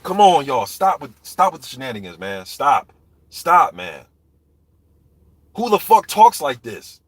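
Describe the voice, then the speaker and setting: A man's voice: mid-range voice, sing-song, measured pace, dry recording. Male boxing streamer, fired-up and repetitive, talking to chat, mid-range voice, dry room. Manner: heated, profane, repetitive ranting; addresses viewers in a live chat. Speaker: boxing commentator. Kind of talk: ranting live stream commentary.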